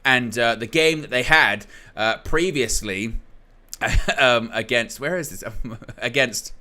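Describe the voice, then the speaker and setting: A man's voice: medium pitch, takes it slowly, bright, forceful tone. A young man hosting a football watchalong stream, chatting casually and reading out viewer comments with a joking manner. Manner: chatty, jokey, reads chat comments aloud. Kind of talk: casual live-stream chat.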